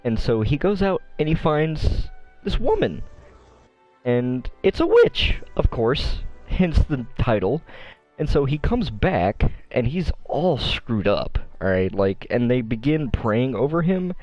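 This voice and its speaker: A man co-hosts a casual podcast and tears into a subject in a loud, profane rant. His storytelling is animated and full of swearing. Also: medium pitch, slow, soft background music. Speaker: podcast co-host.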